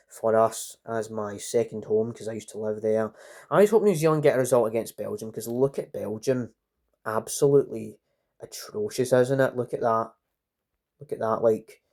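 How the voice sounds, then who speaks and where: A man's voice: fairly low pitch, mellow. A man casually reviewing a football match in a solo vlog, rambling and often restarting his phrases.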